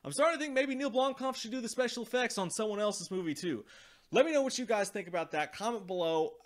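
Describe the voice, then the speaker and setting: A man's voice: high-pitched, fast talker. A man hosting a movie review vlog, ranting with profanity and exasperation, sometimes mocking characters. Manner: slips into mocking impressions of characters.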